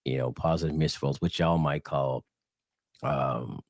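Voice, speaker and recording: A man's voice: a bass voice, fairly even intonation, a little slow, creaky, a little mellow, no room sound, clean studio sound. A man with a Southern US accent giving a casual religious talk, rambling with fillers and restarts and calling his viewers y'all. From Southern United States. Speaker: religious channel host.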